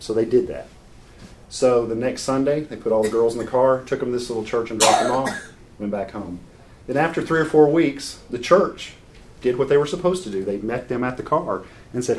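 A man's voice: medium pitch, fairly quick, very noisy. A man preaching a sermon, earnest and unscripted, moving from scripture into a family story with frequent restarts.

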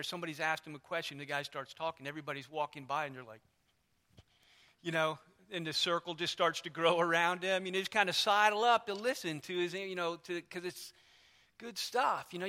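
Male pastor, chatty sermon delivery, high voice with a bright edge, church setting. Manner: conversational, storytelling, lots of asides.

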